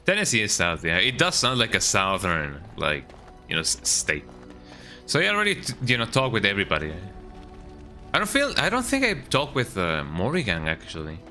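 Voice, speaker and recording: Rambling low-voiced male streamer. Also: huge pitch swings, moderate pace, pushed and bright, faint music behind. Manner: rambling, says "eh" often. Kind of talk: casual chat while gaming.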